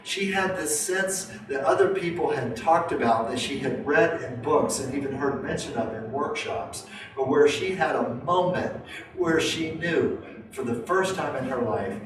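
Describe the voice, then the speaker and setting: A man's voice: a little high, expressive, unhurried, a crowd in the background. A man lecturing to a class, telling a long story in a rambling way, with many fillers and restarts. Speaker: lecturer and teacher. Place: lecture room. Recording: roomy, distant room mic.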